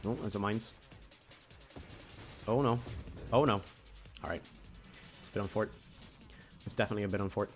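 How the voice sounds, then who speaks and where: A man's voice: lowish voice, steady tone, moderate pace, pauses often, soft background music. A man giving casual, rambling, jokey commentary while playing a video game. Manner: rambling, chatty, jokey asides. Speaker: gaming YouTuber.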